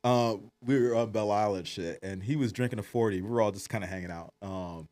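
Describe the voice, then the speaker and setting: Man, middle-aged, rapid storytelling, swears a lot, casual podcast chat. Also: on the low side. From Detroit, Michigan. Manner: profane, animated storyteller. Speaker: podcast guest, jiu-jitsu coach.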